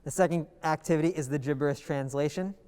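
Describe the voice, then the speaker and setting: A man's voice: a little high, fast talker, warm tone, smooth, big-room sound. A man casually explaining improv activities as a workshop instructor. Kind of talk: explaining teaching exercises.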